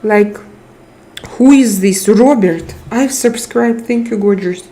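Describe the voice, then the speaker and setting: Woman live stream host, tired, unhurried speech, emotional thanks to chat. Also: mid-range voice. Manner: warm, emotional, reads out chat names and thanks viewers. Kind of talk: casual live chat with viewers.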